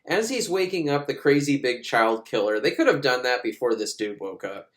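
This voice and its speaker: Sarcastic man recapping a movie, lively pitch. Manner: sarcastic, swearing, acts out lines in quick put-on voices. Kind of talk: comedic film recap.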